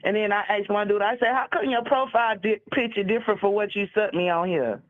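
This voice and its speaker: A woman's voice: medium pitch, fast. A woman calling in to a show, telling gossipy stories in a chatty way. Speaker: caller. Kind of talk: phone call-in chat. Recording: tinny phone line.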